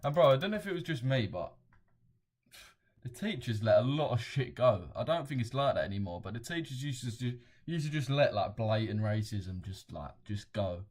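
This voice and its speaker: A man's voice: medium pitch, lively intonation, moderate pace, a little mellow. A young man hosting a casual livestream, blunt and slangy, swearing freely and chuckling as he reads viewer comments aloud. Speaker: trading livestream host.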